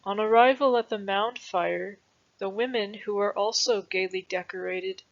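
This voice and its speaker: A woman narrating a historical text in a measured, deliberate reading voice. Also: medium pitch, gravelly, lo-fi sound. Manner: slow, deliberate, even delivery.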